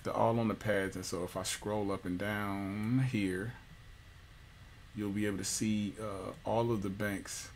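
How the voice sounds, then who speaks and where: A man giving a casual music software tutorial, loose and jokey, with slang and lots of fillers. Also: on the low side, flat delivery, measured pace, slight background noise. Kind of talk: casual screen-recorded tutorial.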